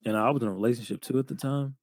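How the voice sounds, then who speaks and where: A man's voice: mid-range voice, rapid-fire, no room sound. Young guy on a podcast ranting about bad jobs, lots of slang and cussing, dry close sound. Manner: slangy, profane, animated retelling with lots of "bro". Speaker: podcast co-host. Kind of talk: casual storytelling chat.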